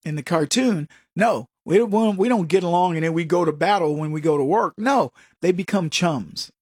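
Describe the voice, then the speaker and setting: A man with a fairly high voice delivers a talk show monologue in a combative, sarcastic way. He mocks the voices of the people he quotes. The sound is dry and close, with no room echo. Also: normal speed, darkish tone, husky. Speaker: political commentary host.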